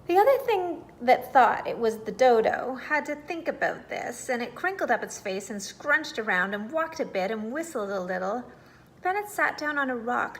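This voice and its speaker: Expressive woman reading a bedtime story. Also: on the high side, moderate pace, a little hiss or hum.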